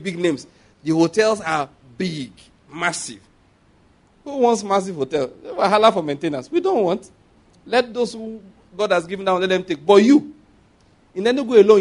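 A male preacher with a notably high voice delivers a sermon in a loose, conversational way. He throws questions back at the congregation and drifts into chatty asides. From Nigeria. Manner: conversational preaching with asides and laughter, call-and-response.

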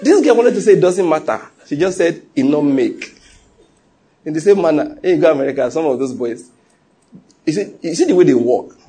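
A middle-aged man preaching a sermon, telling stories with animated quoted voices and frequent laughs. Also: on the high side, fast talker, breathy edge. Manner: animated storytelling, laughs often, acts out quotes. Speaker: pastor.

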